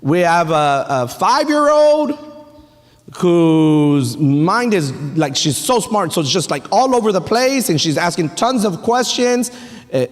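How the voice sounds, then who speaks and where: Lively pastor preaching in an echoey hall. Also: male voice, sits high, slow pace. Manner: animated storytelling with playful asides. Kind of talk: sermon. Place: church sanctuary.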